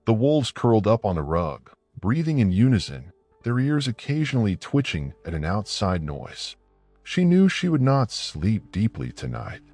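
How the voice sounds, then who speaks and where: A man tells a tense story in scripted, dramatic narration. His voice is low but rises and falls with lively movement. It is recorded dry and close, with faint music underneath. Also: moderate pace, no room sound.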